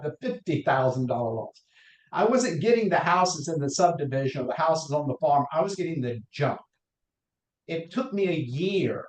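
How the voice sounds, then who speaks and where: Southern man telling rambling career stories. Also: a little high. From North Carolina. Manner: rambling anecdotes with restarts, acts out quotes. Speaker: guest, mortgage lender. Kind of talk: podcast interview, career storytelling. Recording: roomy echo.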